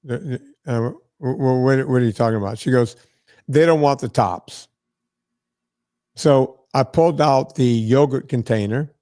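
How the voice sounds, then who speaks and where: A man's voice: mid-range voice, moderate pace, few pauses, warm tone, no echo, clean studio sound. A man hosting a podcast, telling a story in a casual, profane, exasperated way. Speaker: podcast host.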